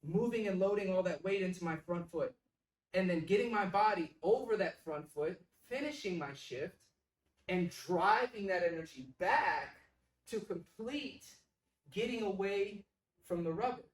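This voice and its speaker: A pitching coach explaining drills in an instructional way, stressing key words with emphasis. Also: lively intonation, unhurried. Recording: echoey room, mic at a distance.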